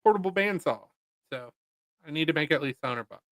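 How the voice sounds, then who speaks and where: A man's voice: fairly high pitch, animated, fairly quick, a bit bright, dry recording, low-quality recording. A man hosting a casual livestream, chatting in a laid-back, rambling and jokey way. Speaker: livestream host. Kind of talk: casual chat.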